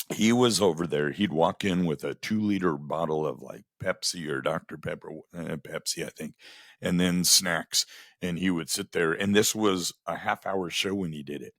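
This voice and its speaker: A man telling casual stories about running a radio station, acting out the dialogue with lively energy. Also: low voice, moderate pace, no room sound, clean studio sound. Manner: animated, acts out quoted dialogue. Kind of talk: casual storytelling monologue.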